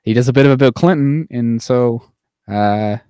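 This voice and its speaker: A man's voice: medium pitch, normal speed, warm tone, clear, resonant tone, no room sound, studio quality. A man co-hosting a podcast, casually recapping a movie with lots of fillers and the odd mocking put-on voice. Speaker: podcast co-host. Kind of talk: casual chat.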